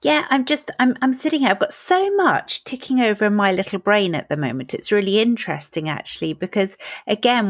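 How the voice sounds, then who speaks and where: A woman's voice: medium pitch, no echo, studio quality. A woman podcast host with a light Belfast lilt, chatty and reflective, telling a personal story. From Northern Ireland and England. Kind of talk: podcast interview.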